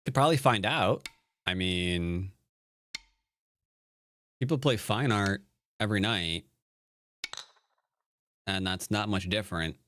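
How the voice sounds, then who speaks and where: A man who teaches Go, chatting casually on a live stream, playful and jokey with quick restarts, sounding tired from little sleep. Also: sits low, fairly bright tone, a little hiss or hum. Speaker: Go player and teacher streaming a game. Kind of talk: casual live-stream commentary answering chat.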